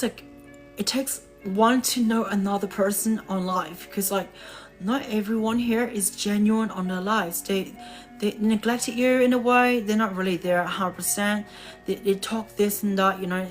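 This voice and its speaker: A weary woman talks slowly to her live-stream viewers in a mid-pitched voice, stopping now and then to catch her breath. She thanks them in a soft, drawn-out way. Faint music plays behind her computer mic. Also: poor audio. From Australia. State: tired, resting her voice. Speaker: livestream host. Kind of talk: casual live-stream chat.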